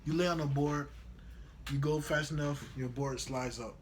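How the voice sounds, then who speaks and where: A young man vlogging, retelling a trip in slangy, animated casual storytelling. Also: fairly high pitch, normal speed, heavy background noise.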